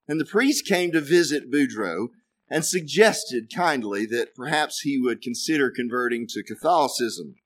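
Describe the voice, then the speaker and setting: A man's voice: medium pitch, expressive, normal speed. Dry-humored male preacher telling a joke. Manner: dry, self-deprecating asides. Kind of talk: storytelling a joke in a sermon.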